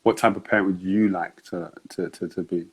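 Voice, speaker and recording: An easygoing man hosts a casual sit-down interview, nudging it along with short murmurs of agreement. His voice sits on the low side and stays relaxed and unhurried. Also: slightly rough, poor audio. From United Kingdom. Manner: easygoing, frequent "mm" affirmations, chuckles. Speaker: podcast host.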